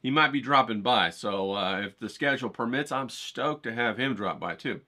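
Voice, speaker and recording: Man, middle-aged, casual vlog, hyped, rambling, animated, bright. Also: medium pitch, normal speed. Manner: hyped, rambling, swears casually, talks to viewers directly. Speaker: vlogger. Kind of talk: casual chatty vlog talk. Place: outdoors, cold day.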